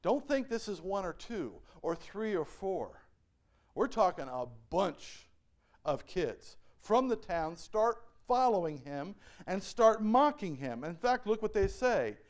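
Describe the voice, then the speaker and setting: A man's voice: high voice, big pitch swings, slow pace. A male pastor preaching a sermon and reading scripture aloud. He often asks the congregation questions and acts out the voices he quotes. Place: church.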